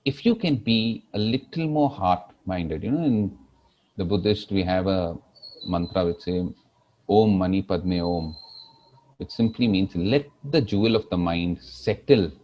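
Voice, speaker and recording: A middle-aged man with an Indian English accent gives a keynote speech, telling a personal story with earnest feeling. His voice sits a little low, and his intensity builds as he speaks. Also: highs cut off.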